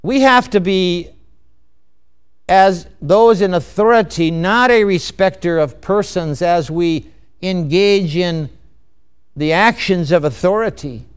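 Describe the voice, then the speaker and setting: A man delivers a sermon in a slow, deliberate cadence, stressing key words and posing rhetorical questions. His voice is clear and resonant, fairly high for a man. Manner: emphatic, measured preaching with rhetorical questions. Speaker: preacher.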